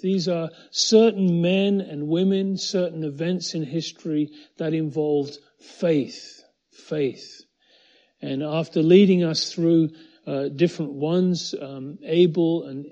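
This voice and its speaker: A man preaching a sermon as pastor, emphatic and measured, repeating key phrases, in a muffled lo-fi recording. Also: fairly high pitch, mellow. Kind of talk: sermon with prayer, streamed to viewers.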